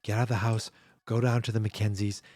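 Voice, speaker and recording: A man voicing a shaken young woman babysitter giving hurried orders. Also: lowish voice, flat delivery, darkish tone, no room sound, close to an everyday voice.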